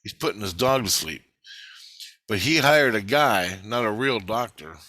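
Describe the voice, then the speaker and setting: A man rambles through a story in loose, profane everyday talk. His voice is bright and forceful, and the recording is dry, close and without room echo. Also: lowish voice, lively intonation, measured pace. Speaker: vlogger recounting a dream.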